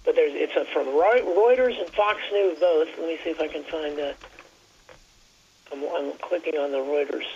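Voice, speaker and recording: A high-pitched man with a gravelly edge talks on a radio show in a rambling, halting way. He comes through a dull phone line with a faint hiss behind him, restarting his sentences as he goes. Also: a little mellow. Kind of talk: casual talk radio chat.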